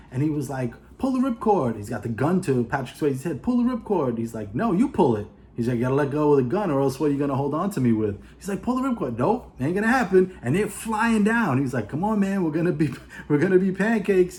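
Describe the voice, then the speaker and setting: A man's voice: fairly high pitch, brisk. A man with a New York accent casually retelling a movie plot, acting out the characters' lines. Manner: animated, acts out characters' lines. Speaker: movie reviewer.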